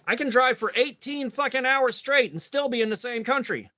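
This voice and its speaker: A man's voice: very high-pitched, normal speed, bright, forceful tone, a little hiss or hum. A middle-aged man hosting a casual livestream chat, rambling and swearing freely with a lot of filler. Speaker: host.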